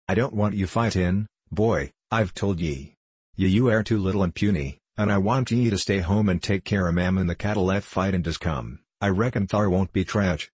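A man voicing a tall young mountain man with an Appalachian accent, speaking roughly but kindly to his younger brother. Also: low-pitched, darkish tone, no echo. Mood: stern. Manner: rough, firm, slow-spoken.

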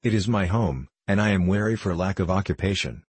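A man reading the part of a young female forest nymph in a spoken storybook, gentle but defiant, pleading earnestly. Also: low voice, expressive, brisk, breathy edge, dry recording.

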